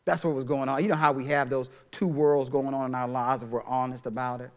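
A middle-aged man preaching a sermon as pastor, swinging from soft, drawn-out phrases to loud, emphatic ones. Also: mid-range voice, fairly even intonation, highs cut off.

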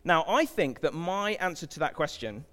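A man's voice: fairly high pitch, lively intonation, normal speed, pushed and bright. A man preaching a sermon in a church, chatting with the crowd and asking it questions. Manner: conversational, asks the crowd questions. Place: church hall. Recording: long hall reverb.

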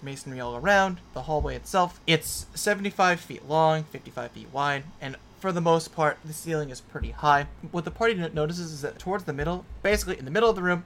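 A man's voice: a little high, fairly bright tone, slight background noise. A man narrating a tabletop game as game master, describing scenes casually with many fillers.

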